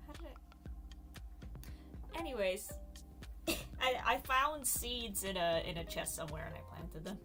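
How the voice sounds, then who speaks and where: A woman's voice: mid-range voice, sing-song, a little slow, pauses often. Woman gamer, casual chat, rambling storyteller, laughs a lot, faint music behind. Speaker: streamer. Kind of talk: casual chat while gaming.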